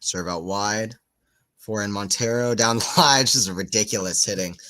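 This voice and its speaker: A man's voice: lowish voice, moderate pace, pushed and bright. A man giving casual live tennis commentary for a watchalong stream, just woken up, rambling into chatty asides between calls of the points. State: just woke up.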